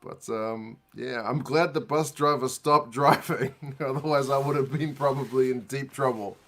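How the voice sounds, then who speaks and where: A man's voice: medium pitch, moderate pace, a bit bright. A man hosting a rugby watch-along, casually telling a rambling, self-mocking story and often laughing at himself. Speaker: rugby channel host.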